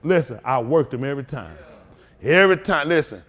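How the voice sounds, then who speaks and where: A man preaching as a pastor in a fiery talk, swinging from low mutters to loud outbursts. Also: lively intonation, fairly quick.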